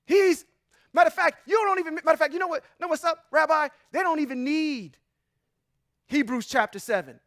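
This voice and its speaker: A man's voice: very high voice, fairly quick, no echo, clean studio sound. A man teaching scripture to a congregation in an emphatic, preacherly way, reading verses and breaking them apart. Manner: emphatic, preacherly, swings between loud and quiet asides. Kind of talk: sermon-style bible teaching.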